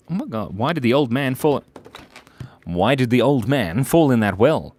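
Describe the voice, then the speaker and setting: A man's voice: mid-range voice, very animated, normal speed, a little mellow. A man hosting a casual live drawing stream, giggly and playful, telling silly jokes while he draws at his desk at home. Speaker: art stream host.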